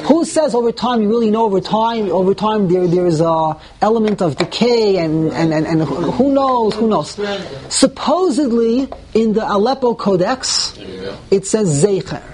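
A man teaching a Talmud class to students in a room, animated and repeating words as he thinks aloud, often asking the class questions and answering them himself. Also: high-pitched, moderate pace. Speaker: Torah teacher.

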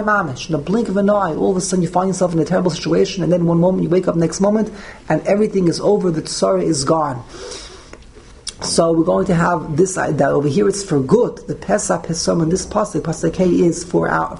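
A man's voice: a little high, creaky, darkish tone, slight background noise. A man teaching a text study class verse by verse, often repeating and restarting his words. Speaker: Torah teacher.

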